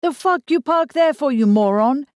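A woman voicing an angry bearded van driver who yells curses in a high, loud voice through traffic, in a storybook reading. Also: animated, normal speed, no echo, studio quality. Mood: furious. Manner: shouting, cursing.

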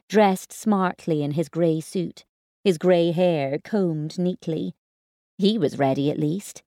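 A woman narrating a first-person story in an expressive, wry manner. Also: sits low, a little slow, no echo, clean studio sound. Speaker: audiobook narrator.

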